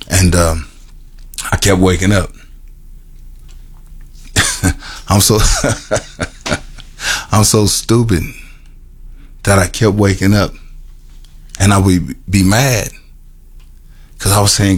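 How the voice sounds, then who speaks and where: A middle-aged or older man giving an earnest personal testimony to a group, with halting, repetitive phrasing and many restarts. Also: low-pitched, steady tone. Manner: earnest and emotional, laughs at himself. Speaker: formerly incarcerated man telling his story.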